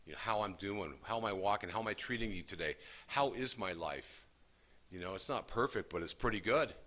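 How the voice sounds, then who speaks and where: A man's voice: on the low side, sharp tone. A man speaking earnestly to a recovery meeting, sharing his story in an emphatic, folksy way. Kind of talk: personal recovery talk to a group.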